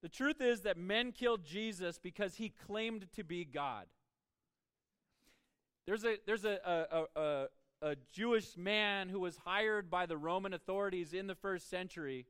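Male pastor, higher pitch, dry close sound; emphatic sermon with repeated starts. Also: measured pace, a bit bright, clean tone, dry recording. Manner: emphatic, repeats words when starting a thought.

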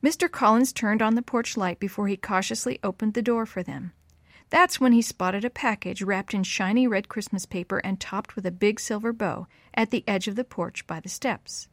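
Gentle woman reading a children's story. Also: mid-range voice, normal speed, dry recording.

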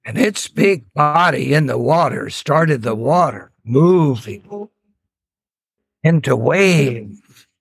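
A man telling a folktale in an improvised, slow and measured storytelling manner. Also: fairly high pitch, expressive, creaky, husky, poor audio. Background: veena accompaniment.

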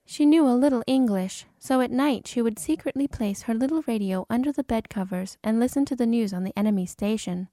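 A woman giving measured, dramatic audiobook narration. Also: a little high, warm tone, no room sound, clean studio sound. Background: orchestral film score.

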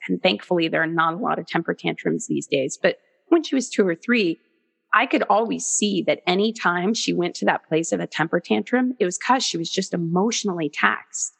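A woman in her thirties or forties, speaking as an interview guest in an earnest, animated way. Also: lowish voice, gravelly, breathy edge, in a large hall. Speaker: guest, author. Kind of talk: conversational interview.

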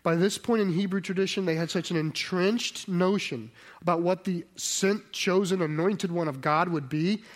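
A man with a high, steady voice preaches a conversational sermon at a moderate pace. He often asks his listeners rhetorical questions and restarts or corrects himself mid-sentence.

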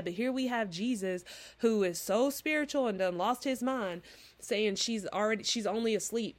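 A woman in her thirties preaching in a casual, chatty way, earnest and animated as she acts out little dialogues. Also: mid-range voice, normal speed. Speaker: Christian podcast host. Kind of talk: informal preaching monologue.

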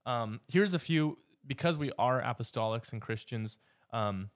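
A man with a Canadian accent leading a church discussion as its teacher, talking informally with frequent fillers and restarts. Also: medium pitch. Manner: halting, with frequent fillers and repeated words.

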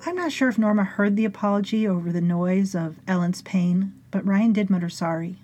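A woman narrating a story in a measured, dryly amused way. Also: medium pitch, warm tone. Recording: faint music behind.

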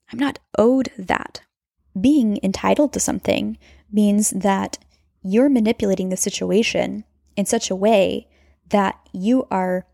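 A woman's voice: mid-range voice, creaky, warm tone, no echo, clean studio sound. A woman hosting her own podcast as a nurse, talking through a faith lesson in an earnest, confessional way and laughing at herself now and then, recorded at home in her apartment. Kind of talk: casual faith-based monologue.

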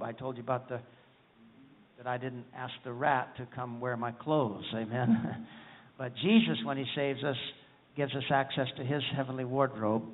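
A man's voice: medium pitch, long reverb tail. A man preaching a folksy, humorous sermon, often asking the congregation for an amen. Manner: folksy, humorous, calls for amens. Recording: tinny phone-like sound.

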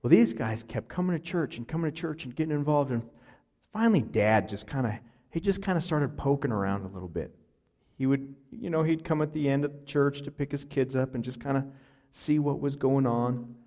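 A male pastor preaching from the pulpit, mid-pitched and conversational. He tells a story earnestly and often restarts his sentences, with plenty of fillers along the way. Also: animated, fairly quick, dark tone. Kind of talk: sermon with storytelling.

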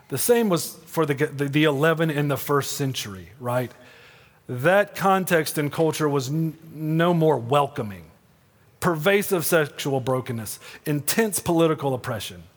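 A middle-aged male pastor delivers an earnest, conversational sermon, often checking in with the congregation. His voice sits a little high for a man and turns soft and hushed when he quotes words of comfort. A long church reverb trails behind every phrase. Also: animated, measured pace. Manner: earnest, conversational preaching with frequent "right?" asides. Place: church sanctuary.

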